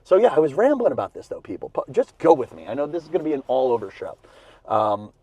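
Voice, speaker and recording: A man's voice: mid-range voice, wildly swooping pitch, quick pace, mellow, husky, no echo. A comedian hosting his podcast while driving, talking in a rambling, self-mocking way with lots of fillers and restarts, a bit out of breath. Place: inside his car in cold weather. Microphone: video camera in car.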